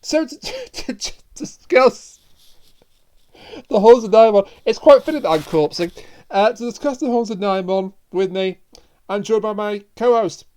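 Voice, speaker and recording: A podcast host talking casually with a co-host. The voice sits at a middling pitch. Speech is jokey and tumbles out with restarts and stumbles. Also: expressive, moderate pace, dark tone, clean tone. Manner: jokey, laughs a lot, trips over words.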